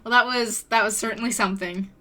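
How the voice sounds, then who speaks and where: A woman's voice: on the high side, fairly even intonation, fast, pushed and bright. A woman from the United States streaming, reading a visual novel aloud with friends, giggly and self-deprecating.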